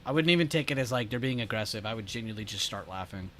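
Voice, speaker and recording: A man's voice: fairly low pitch, animated, racing, a bit bright, slight background noise. Laid-back man chatting on stream. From United States. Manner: laid-back, laughs often, reacts to chat. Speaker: stream host. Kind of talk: casual livestream chat.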